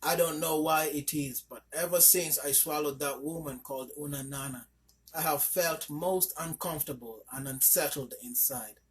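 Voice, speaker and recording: A lazy, contented storybook elephant, as a male narrator puts him on. He talks in an unhurried, easy drawl that stays close to the man's own mid-high voice. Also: close to an everyday voice.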